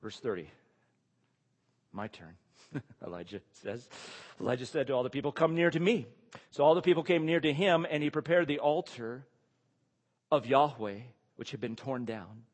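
A man preaching an expository sermon, animated, full of rhetorical questions and chuckling asides. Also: mid-range voice, moderate pace. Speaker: pastor or Bible teacher. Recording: long reverb of a large hall.

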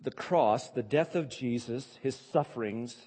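A man's voice: mid-range voice, a little slow, darkish tone, husky, in a large hall. A male pastor preaching a sermon, emphatic and repeating key phrases for stress.

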